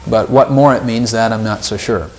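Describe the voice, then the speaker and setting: A man's voice: lowish voice, steady tone, normal speed, darkish tone, soft background music. A man leading an informal Bible study, talking things through casually, repeating words and lifting his voice when he quotes scripture.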